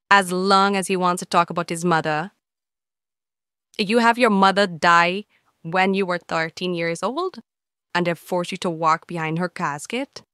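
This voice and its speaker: A woman takes viewers to task one comment at a time, blunt and scolding. Her voice is smooth and clear. It sits close and dry in the recording. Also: mid-range voice, a bit bright, no room sound. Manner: blunt, scolding, talks straight to the listener. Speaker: channel host answering viewer comments.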